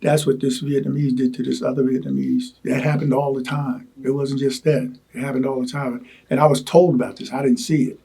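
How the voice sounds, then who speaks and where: An older man recalling his wartime experiences in an oral history interview, talking haltingly with many repeated words and asides. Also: medium pitch, flat delivery, gravelly, dark tone, slightly rough. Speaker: Vietnam veteran interviewee.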